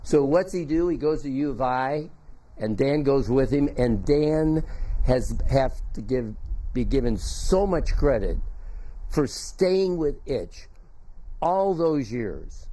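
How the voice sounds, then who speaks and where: An older man giving a memorial tribute, telling folksy, halting anecdotes about a former teammate. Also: mid-range voice, warm tone.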